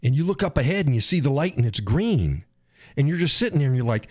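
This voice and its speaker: A fast-talking man with a slightly high voice hosts his own live stream, delivering a casual political rant full of profanity. He animatedly acts out frustrated drivers, and the audio is clean studio sound with no room noise.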